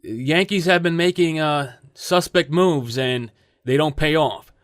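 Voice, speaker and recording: Animated man hosting a sports talk show. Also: on the high side, measured pace, no echo, studio quality. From United States. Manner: animated, mocking, laughs often. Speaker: podcast host. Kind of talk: casual sports talk commentary.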